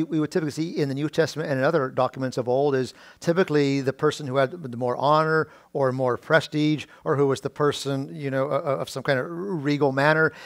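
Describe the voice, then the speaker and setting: Male pastor preaching with many restarts. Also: no echo. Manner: rises to a loud high pitch when stressing points. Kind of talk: sermon.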